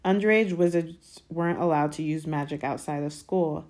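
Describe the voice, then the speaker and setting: A woman reading a chapter aloud as an audiobook narrator in a steady, expressive way. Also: low voice, normal speed. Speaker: audiobook reader.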